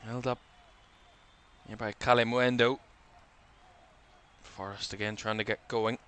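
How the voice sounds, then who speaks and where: A man's voice: lowish voice, little pitch movement, a little slow, fairly bright tone, clear, resonant tone. A man giving live football commentary for a watchalong stream, calling player names in short bursts and lifting his voice as attacks build, a little tired. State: tired, yawning.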